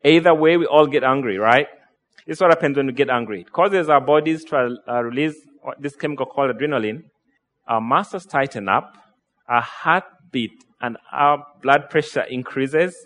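A man's voice: medium pitch, fairly bright tone. A man preaching a sermon in a conversational style, often asking rhetorical questions. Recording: long hall reverb.

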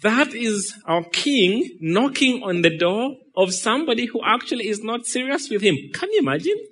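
A man preaching a sermon, animated and dramatic, acting out quoted speech and shifting from loud rhetorical questions to hushed, slowed lines. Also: high voice. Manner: acts out quotes and imagined dialogue in the middle of preaching.

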